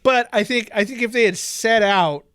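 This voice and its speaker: A man co-hosting a podcast in casual chat, laid-back, laughing often and filling pauses with ums. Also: very high voice, fairly bright tone, clean tone. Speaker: podcast co-host.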